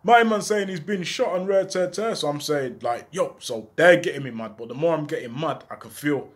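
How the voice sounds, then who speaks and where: Man recounting his own story, slang-heavy and animated, voice sits a bit higher than most. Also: normal speed. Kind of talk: casual spoken life story.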